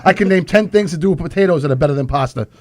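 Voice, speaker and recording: A man's voice: a little high, very fast, dry recording. A man with an Irish accent, a comedian trading roast insults with a joking, stumbling delivery. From Ireland. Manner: joking, stumbles over words. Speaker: comedian guest.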